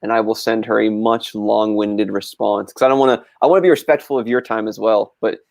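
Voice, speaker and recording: A man's voice: on the low side, steady tone, fairly quick, vocal fry, darkish tone. A man who is a wellness coach, speaking as a guest on an online talk show, giving earnest advice in a friendly, joking way. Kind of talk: casual chat.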